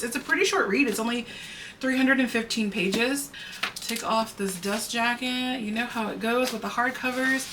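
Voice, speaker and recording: A woman chatting casually to the camera at home, animated and playfully dramatic, talking to her viewers. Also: medium pitch, noisy background. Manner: animated, self-mocking and dramatic. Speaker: book vlogger. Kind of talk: casual vlog chat. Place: at home, indoors. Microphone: camera mic.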